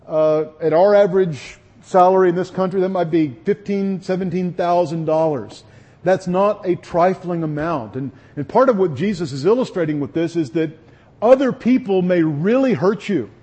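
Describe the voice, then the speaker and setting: Husky-voiced man preaching earnestly. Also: high-pitched, normal speed, warm tone. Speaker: pastor. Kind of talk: sermon.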